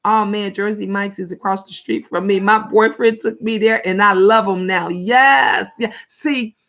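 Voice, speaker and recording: A woman from Illinois with a Chicago accent, hosting a casual livestream chat, animated and chatty, laughing often and reading viewers' comments aloud. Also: medium pitch, unhurried. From Illinois, USA. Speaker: livestream host. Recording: lo-fi webcam audio.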